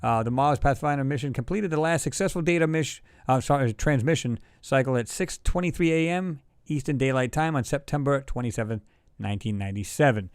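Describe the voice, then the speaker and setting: A man's voice: medium pitch, fairly quick, clear, resonant tone, no room sound, clean studio sound. A man hosting a casual livestream chat, talking in a loose, rambling way and reading viewer comments aloud. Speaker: livestream host.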